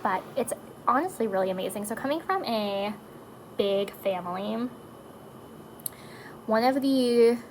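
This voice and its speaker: A talkative woman in her thirties chats at home about her kids while doing her makeup. Her voice sits a touch high, and she wanders between topics with plenty of likes and ums. Steady background noise runs under the recording. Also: measured pace, pauses often, poor audio. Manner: chatty and emotional, drifting between topics with frequent likes and fillers. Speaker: vlogger and mother of four.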